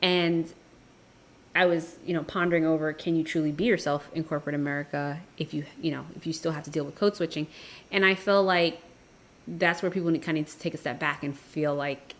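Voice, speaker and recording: Low-voiced woman co-hosting a debate chat. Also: fairly even intonation. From New York. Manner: thoughtful, pauses to weigh her words. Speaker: podcast co-host.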